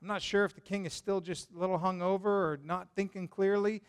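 A pastor delivers a sermon, retelling a Bible story in a lively, conversational manner and asking his listeners questions. His voice is high-pitched and a little fast, with a clean tone.

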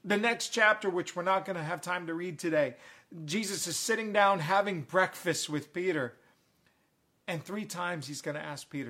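A man delivers an online sermon as a preacher, pressing his listeners with earnest, repeated appeals. His voice sits fairly high for a man. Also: moderate pace, pushed and bright. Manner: earnest, repetitive heartfelt appeals.

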